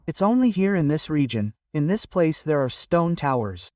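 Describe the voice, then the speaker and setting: Male vlogger, slightly high voice, dry and distant outdoor camera sound, out of breath on a climb. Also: big pitch swings, moderate pace, a little mellow, no echo. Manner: chatty, keeps prompting viewers with "look" and "right?". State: panting from climbing. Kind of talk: casual hiking vlog narration.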